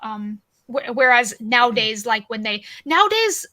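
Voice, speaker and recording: A woman chatting on a podcast in a loose, animated way. Her voice sits a little high and sounds bright and forceful. She circles around her points and drops casual swears. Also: moderate pace. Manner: animated, rambling, swears freely. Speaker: podcast guest. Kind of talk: casual chat.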